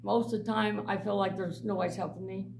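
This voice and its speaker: A middle-aged woman with a gravelly, creaky voice tells blunt, animated stories to a church group and laughs often. She was recorded on a mic set some way off, with faint noise underneath. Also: mid-range voice, a little fast, far from the mic, low-quality recording. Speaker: mission director. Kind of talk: personal testimony to a church group.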